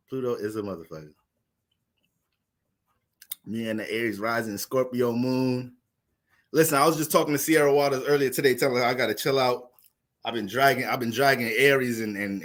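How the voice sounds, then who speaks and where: A young man casually talking through an astrology livestream, profane and animated, laughing often. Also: medium pitch.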